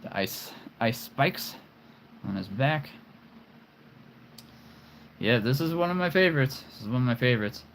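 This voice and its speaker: A man's voice: medium pitch, expressive, measured pace, long pauses, a bit bright, a little hiss or hum. A man in his forties hosting a live stream, chatting casually and playfully about his collection, rambling with chuckles and puns.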